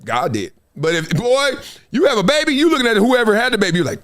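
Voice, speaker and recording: Give me a middle-aged man hosting a casual show, slangy and animated, with a lively voice. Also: high voice, moderate pace. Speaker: host, former football player. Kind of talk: casual livestream talk.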